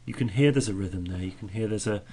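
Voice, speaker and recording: A man's voice: on the low side, fast talker, warm tone, husky. A man teaching a recorded poetry lesson, patiently explaining meter and beating out the stresses aloud.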